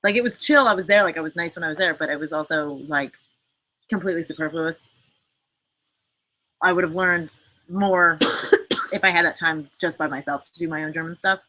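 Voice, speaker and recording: A woman chats on a livestream with a bright, sharp edge to a lowish voice. She rambles through viewer questions with lots of fillers and casual cursing, reacting as she goes. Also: moderate pace, pauses often, slight background noise, low-quality recording. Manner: chatty, fillers, frequent cursing; reads and answers viewer comments. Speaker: livestream host. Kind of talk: casual live chat.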